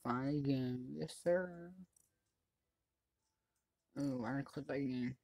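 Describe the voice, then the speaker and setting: Excitable let's-play host, chatty commentary with sudden yelling, mid pitch, dry close mic. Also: slow pace, dry recording. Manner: excitable, yells at other players; chatty running commentary on the game. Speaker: gaming channel host.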